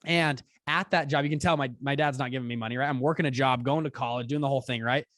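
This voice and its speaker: A young man in his twenties, a podcast guest telling a story in conversation, animated and quick, acting out quotes with big jumps in pitch. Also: no room sound, studio quality. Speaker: podcast guest, fund founder.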